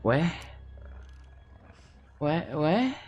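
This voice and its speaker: A man's voice: fairly high pitch, very animated, drawn-out words, darkish tone, dull audio, soft background music. Rambling young man gaming. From England. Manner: rambling, exasperated, talks to himself. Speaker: let's play host. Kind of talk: casual gameplay commentary.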